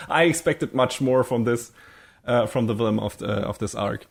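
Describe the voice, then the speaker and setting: A man's voice: mid-range voice, normal speed, gravelly, slightly rough. A young man co-hosting a podcast, chatting casually and rambling with many fillers and casual swearing. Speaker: podcast co-host. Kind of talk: casual chat.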